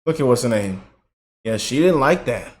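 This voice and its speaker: A man's voice: mid-range voice, normal speed. Guy ranting on his reaction vlog, mocking, emphatic, keeps repeating stuff. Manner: animated, mocking, emphatic with repetitions. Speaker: YouTube commentator.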